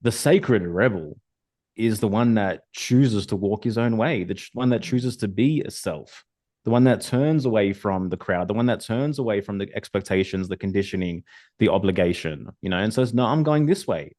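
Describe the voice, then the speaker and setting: A man's voice: fairly low pitch, normal speed, darkish tone. A man speaking as a podcast guest, earnest and impassioned in conversation. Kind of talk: conversational discussion.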